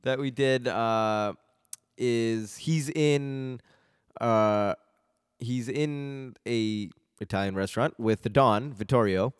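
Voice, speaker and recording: A man's voice: medium pitch, takes it slowly, clean tone, no echo, clean studio sound. A man co-hosting a casual podcast, laughing often and acting out movie lines in put-on voices. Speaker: podcast co-host. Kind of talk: casual chat.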